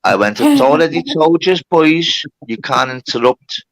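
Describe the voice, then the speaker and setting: A man's voice: fairly high pitch, animated, moderate pace. Rambling man telling stories. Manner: swearing, rambling, heavy on reported speech. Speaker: livestream host. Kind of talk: casual storytelling.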